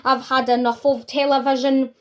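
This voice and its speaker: A woman voicing an angry, blustering father who shouts. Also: high voice, little pitch movement, normal speed, close to an everyday voice.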